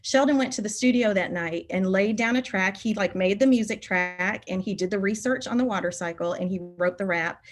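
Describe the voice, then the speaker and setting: A middle-aged woman, a teacher giving a conference keynote, telling personal stories about her students in an animated, emotional way. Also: mid-range voice. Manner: animated, emotional storytelling, voice rising when moved.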